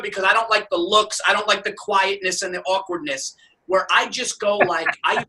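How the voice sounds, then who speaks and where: A man co-hosting a podcast, swearing and getting excited as he tells stories in casual comedic chat. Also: high voice, brisk, recorded from a distance, poor audio. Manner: excitable, swearing, rising to shouts. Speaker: podcast co-host.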